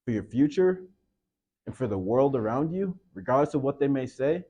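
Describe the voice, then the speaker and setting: A man's voice: medium pitch, animated, normal speed, breathy edge. Man giving a motivational team speech. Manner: builds to loud shouted coaching; retells film scene acting out coach. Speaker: motivational speaker.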